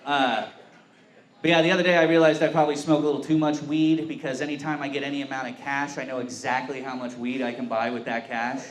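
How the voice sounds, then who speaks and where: A man's voice: medium pitch, little pitch movement, fast talker. A young man from Oklahoma doing a self-mocking stand-up set on a brewery stage. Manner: laid-back, self-mocking joke delivery. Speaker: stand-up comic. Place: brewery comedy stage before a live crowd. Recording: echoey room with faint ambient noise.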